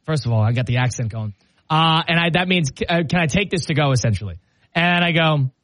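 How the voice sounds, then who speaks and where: A man's voice: a little high, lively intonation, normal speed, a bit bright, dry recording. A man hosting a show, telling a self-mocking story in casual on-air banter and laughing often. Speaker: radio show host.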